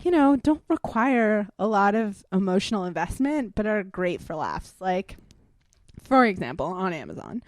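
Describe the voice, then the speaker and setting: A woman's voice: mid-range voice, big pitch swings, normal speed, no room sound. A woman guest in a casual chat, teasing and arguing her points. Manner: teasing, argumentative.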